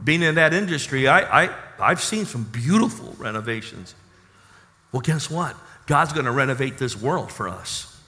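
A man's voice: medium pitch, expressive, normal speed, pushed and bright, in a large hall. A man preaching a sermon with emphatic, call-and-response asides to his congregation. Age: 30s. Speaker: pastor.

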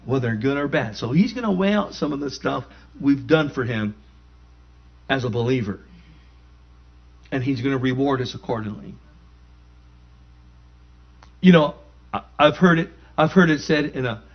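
A man preaching in an emphatic call-and-response style, his voice sitting fairly high. The recording is muffled and lo-fi. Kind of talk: sermon. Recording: dull lo-fi recording.

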